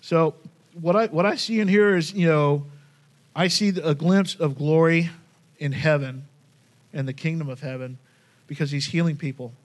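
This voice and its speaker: A man giving a casual, conversational sermon, reading Bible passages aloud and commenting on them with lively asides. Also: a little high, moderate pace. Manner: conversational, animated, says "man" often. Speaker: preacher.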